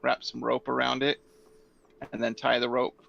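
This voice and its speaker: A man's voice: mid-range voice, monotone, moderate pace, creaky, a bit bright, a little hiss or hum. A man playing a tabletop game, talking hesitantly as he works out his plans. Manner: hesitant, full of restarts. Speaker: player. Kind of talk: casual tabletop game chat. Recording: dull lo-fi mic.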